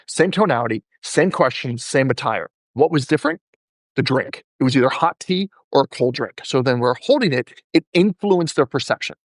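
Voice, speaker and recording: A man's voice: mid-range voice, moderate pace, no echo, studio quality. A male podcast host telling stories in a casual interview chat and acting out the people he quotes. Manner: animated, acts out quoted people in his stories.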